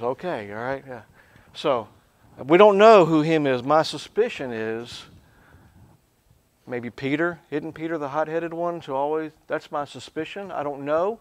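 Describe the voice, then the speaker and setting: Animated man teaching the Bible. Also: on the high side, moderate pace, dry recording. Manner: animated, swings from soft asides to loud emphatic bursts. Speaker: Bible professor teaching a lesson. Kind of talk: lively classroom Bible teaching.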